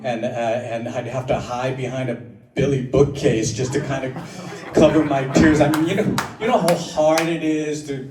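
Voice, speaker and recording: A middle-aged man telling a personal story at an open mic, halting and full of fillers, mixing grief with self-mocking humor. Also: mid-range voice, steady tone, very noisy. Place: underground performance venue on a live stage. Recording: roomy, distant live room with crowd. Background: audience laughing.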